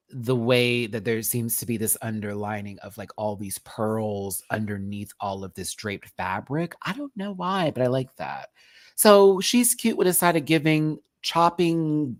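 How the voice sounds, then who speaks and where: A man hosting a live review stream in a campy, expressive, chatty manner, laughing often. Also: medium pitch, no room sound, studio quality. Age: adult, remembers childhood. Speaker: host reviewing a TV competition. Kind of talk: live-stream commentary chat.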